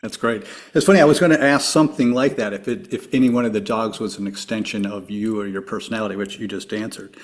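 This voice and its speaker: A man's voice: on the low side, steady tone, fast, hardly any pauses. A man hosting a podcast, asking interview questions in a friendly, encouraging way. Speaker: podcast host.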